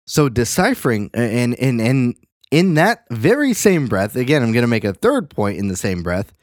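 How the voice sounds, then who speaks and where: A man's voice: mid-range voice, moderate pace, dry recording, clean studio sound. A young man in his twenties hosting a casual chat, rambling and swearing freely. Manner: rambling, profane, animated. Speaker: podcast host.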